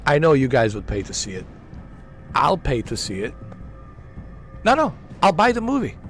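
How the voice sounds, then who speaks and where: A man's voice: on the high side, wildly swooping pitch, moderate pace, a bit bright, soft background music. Enthusiastic slangy male gaming streamer. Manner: enthusiastic, repetitive, slangy ("man", "dude"). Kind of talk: casual chat over gameplay.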